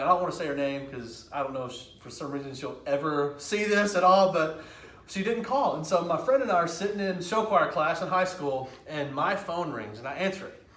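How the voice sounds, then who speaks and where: Casting note: man with a fairly high voice, casual storytelling talk from a stage, roomy hall sound. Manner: lively, conversational storytelling with quick asides. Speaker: speaker. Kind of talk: storytelling speech. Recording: echoey hall.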